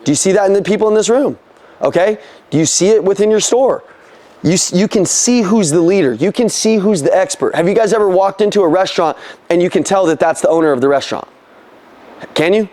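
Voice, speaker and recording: This young man's voice is high and bright as he coaches a room through a motivational sales session. He speaks fairly quickly and loosely, peppering his talk with swearing and pointed questions to those present.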